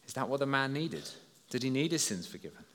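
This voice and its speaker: A man preaching a lively story sermon to a congregation, addressing them directly and drawing them into the scene. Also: medium pitch, fast talker, slight background noise. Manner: lively, storytelling, talks to listeners as "you". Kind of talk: children's talk sermon. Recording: long hall reverb.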